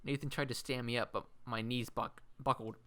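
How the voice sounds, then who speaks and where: Bright-voiced man reading aloud, mocking. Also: mid-range voice, steady tone, fairly quick. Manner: laughs often, breaks off to mock the text. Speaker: co-host reading a story aloud. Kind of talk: reading fan fiction aloud with mocking commentary.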